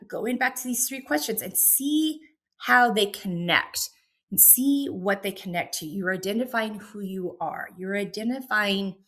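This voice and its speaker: A middle-aged woman speaks to her listeners in a gentle, encouraging tone, hosting her own self-help podcast. Her delivery is reflective and unscripted, with small restarts as she thinks aloud. Her pitch sits at an ordinary middle level for a woman. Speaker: podcast host and coach.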